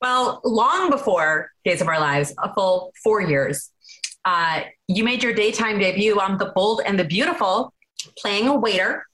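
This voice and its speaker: A woman hosting an interview, putting measured, well-researched questions to her guest. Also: medium pitch, a bit bright, poor audio. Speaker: interview host.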